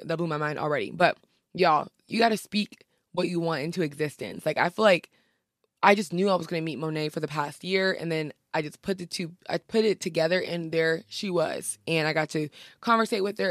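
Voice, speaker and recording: A woman's voice: sits low, no room sound. Bubbly young woman podcaster, dry sound. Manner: bubbly, gushing, lots of slang. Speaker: podcast host. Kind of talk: casual chat.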